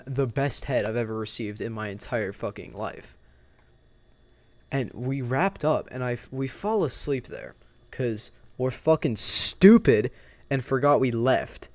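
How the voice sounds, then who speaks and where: Young guy rambling through a storytime, swears a ton, dry close sound, regular middle pitch. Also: no room sound. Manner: rambling, heavy swearing, blunt. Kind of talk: casual storytime monologue.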